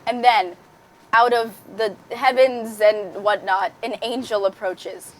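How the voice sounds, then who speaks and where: A woman's voice: a little high, steady tone, takes it slowly. A young woman hosting a casual chat with friends, telling a story with frequent giggles. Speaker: podcast host.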